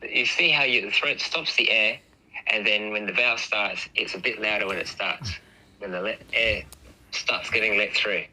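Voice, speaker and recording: A man with a very bright, forceful, somewhat low voice talks casually and patiently explains speech sounds, stopping to demonstrate them aloud. The sound has a slight radio-like quality. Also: normal speed, low-quality recording. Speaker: host.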